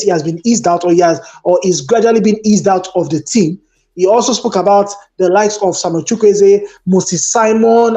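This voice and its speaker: A man's voice: sits high, warm tone. A man, debating football as a pundit and telling stories with emphatic exasperation. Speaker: sports pundit. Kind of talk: animated sports debate.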